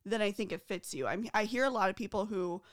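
A woman's voice: medium pitch, a little fast, no echo, clean studio sound. A woman co-hosting a casual podcast chat with upbeat, enthusiastic reactions. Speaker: podcast co-host.

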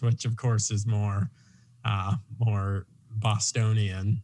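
A man's voice: on the low side, slow pace. A man hosting a casual podcast interview, speaking in a neutral, non-regional American accent. He talks loosely and digresses, then pulls himself back on track. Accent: none, neutral American. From Long Island, New York. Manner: rambling, self-deprecating, digresses. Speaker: podcast host.

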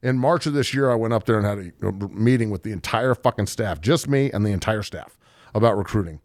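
A man's voice: on the low side, brisk, no echo, clean studio sound. A man in his forties, talking casually about sports as a podcast host, heated, profane and emotional. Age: 40s. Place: studio.

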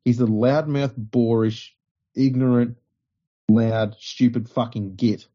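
A man's voice: medium pitch, fairly even intonation, slow, warm tone. A man co-hosting a podcast, ranting bluntly with plenty of swearing. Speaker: podcast co-host. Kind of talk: casual podcast chat. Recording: dull lo-fi podcast audio.

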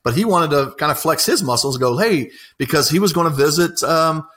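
A man's voice: a little high, brisk, fairly bright tone. A man, an apprenticeship coordinator telling stories in a casual, enthusiastic interview, rambling with many fillers.

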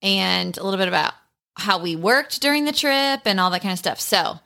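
Upbeat woman in her 30s hosting a podcast, bright clear voice, chatty and light. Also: medium pitch, brisk. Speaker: podcast host. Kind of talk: casual podcast chat.

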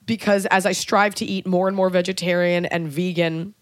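A wry woman hosting a comedy podcast, her voice sitting a touch low and her delivery full of profane jokes and offhand asides. The sound is close and dry, with no room around it. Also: steady tone, normal speed, dry recording. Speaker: podcast host.

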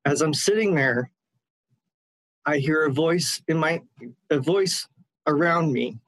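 A man calling in to a radio show, telling a personal story in an earnest, halting way with frequent restarts. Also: on the high side, a bit bright, no room sound, low-quality recording. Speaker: caller.

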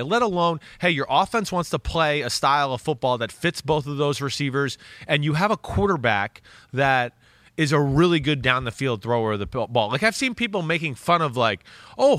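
A man talking football on a podcast, animated and blunt, swearing freely as he makes his case. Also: medium pitch, dry recording. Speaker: football analyst. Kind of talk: casual podcast talk.

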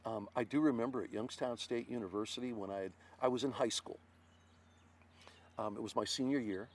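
Speaking briskly in a husky, medium-pitched voice, this former baseball pitcher, an older man from Ohio, swaps stories during a relaxed interview. He's a lively storyteller who performs the quotes at full volume.

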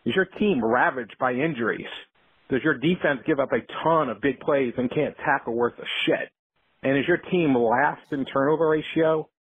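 A man calling in with a sarcastic mock infomercial, delivered in a steady pitchman manner. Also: normal speed, husky. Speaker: caller. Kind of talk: mock ad read. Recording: tinny phone line.

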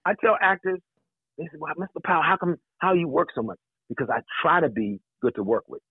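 A man in his sixties, a guest in a casual interview, telling stories in an animated, joking way in a husky voice. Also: fairly high pitch, fairly quick, no echo. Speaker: actor, guest. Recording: tinny phone line.

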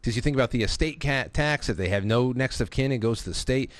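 Male live-stream host, middle pitch, loose rambling delivery, dry booth sound. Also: fast, no room sound. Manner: rambling, restarts, profane asides. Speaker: talk show host. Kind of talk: casual live-stream talk, reading super chats.

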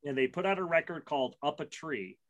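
A man's voice: a little high, lively intonation, brisk. A middle-aged man chatting casually as a podcast co-host, rambling through a story with plenty of restarts and self-deprecating asides. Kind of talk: casual chat.

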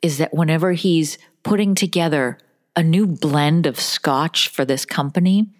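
A woman's voice: low-pitched, a little slow. A woman co-hosting a comedy podcast, chatting casually and joking, often slipping into silly voices. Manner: animated, joking, breaks into voices. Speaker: podcast co-host.

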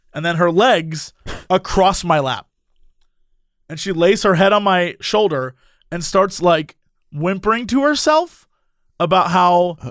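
High-voiced man telling an animated story. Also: no room sound, clean studio sound. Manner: animated, laughs often, acts out quoted voices. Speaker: podcast host telling a story. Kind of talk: casual storytelling chat.

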